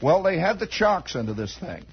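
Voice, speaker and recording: A man's voice: high voice, very animated, normal speed, husky. A man hosting a 1960s radio show, spinning a rambling comic story and acting out bits of it. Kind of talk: improvised radio monologue. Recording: dull lo-fi 1960s radio broadcast.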